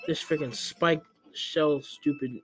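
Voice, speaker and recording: A young man giving casual gameplay commentary, chatty and excitable, who scolds the game character in sudden yelps. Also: on the high side, slow pace, soft background music. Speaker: let's play gamer.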